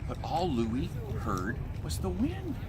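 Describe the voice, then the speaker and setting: A man telling an interactive folk tale to an audience at an outdoor event, animated and drawing listeners in. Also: fairly high pitch, takes it slowly. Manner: animated, teaching the audience gestures and sounds. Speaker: historical reenactor storyteller. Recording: outdoor street and traffic noise.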